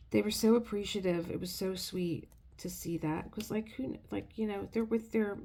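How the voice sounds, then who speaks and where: Speaking at a moderate pace in a mid-range, dark-toned voice, a middle-aged craft video creator rambles through an emotional tale for a casual vlog. She's talkative and keeps restarting her thoughts.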